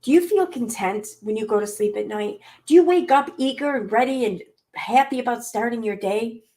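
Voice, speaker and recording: A woman's voice: on the high side, moderate pace, mellow. A woman hosting a commentary channel, reacting to clips with sarcastic, exasperated rants full of swearing.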